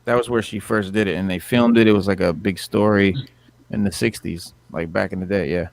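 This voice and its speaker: A man's voice: low voice, steady tone, a little fast, creaky. A man hosting a podcast in casual chat, rambling along with lots of "like" and "you know.". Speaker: podcast host.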